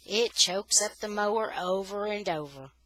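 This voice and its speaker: Woman reader, expressive storyteller for a children's novel, bright voice. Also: medium pitch, moderate pace, dry recording, low-quality recording. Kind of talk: reading a children's novel aloud.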